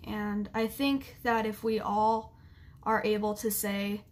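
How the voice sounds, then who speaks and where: A young woman vlogger talking straight to camera, halting and full of fillers as she fights back tears. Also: mid-range voice, flat delivery. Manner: halting, with many fillers and restarts. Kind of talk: emotional apology vlog.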